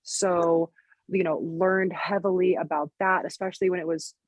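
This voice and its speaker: A woman in her thirties with a slightly low, dry, close-miked voice, telling her story as a podcast guest. She talks in a loose, chatty way, piling on "like" and "you know". She sounds like a coach describing her own business. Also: steady tone, dry recording. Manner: chatty, lots of "like" and "you know", quick laughs. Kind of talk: casual podcast conversation.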